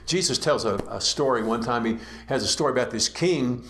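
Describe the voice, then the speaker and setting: A man preaching an earnest, conversational sermon, slowing down to urge his listeners. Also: medium pitch, fairly bright tone, a little hiss or hum. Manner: earnest, conversational, slows to exhort. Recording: roomy echo.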